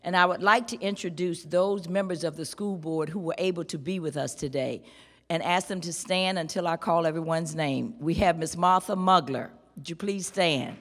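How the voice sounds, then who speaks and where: A woman from a school board giving a measured, emphatic formal speech at a ceremony. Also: fairly low pitch, a bit bright. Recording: reverberant hall.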